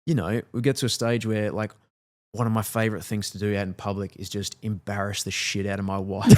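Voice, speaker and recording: Give me a low-voiced, laid-back Australian dad chatting casually and playfully about his kids. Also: steady tone, a little fast. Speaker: father on a parenting podcast. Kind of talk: casual chat.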